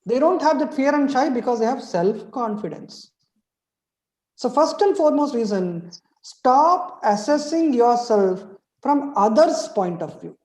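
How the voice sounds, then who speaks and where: A man's voice: very high-pitched, animated, a little slow, darkish tone, roomy sound, rough recording. A middle-aged man giving a motivational webinar lecture as a trainer. He asks rhetorical questions and keeps checking in with "right?".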